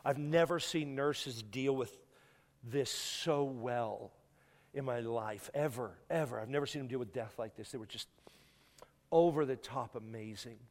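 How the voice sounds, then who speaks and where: A guest pastor telling a painful story in a sermon, tearful and halting, stumbling and repeating words as he is moved. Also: medium pitch. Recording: long hall reverb.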